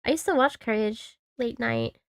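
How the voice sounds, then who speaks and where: A woman's voice: a little high, moderate pace, vocal fry, clear, resonant tone, no echo, studio quality. A woman in her thirties streaming a game, rambling casually to herself and her chat and swearing freely. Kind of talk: casual gaming commentary.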